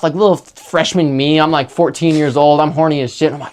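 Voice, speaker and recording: A man's voice: on the high side, brisk, few pauses. A young man hosting a podcast, telling a rambling story in casual chat, swearing a lot and tagging lines with "right?". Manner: rambling, animated, swears freely, many fillers like "right?". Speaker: podcast host.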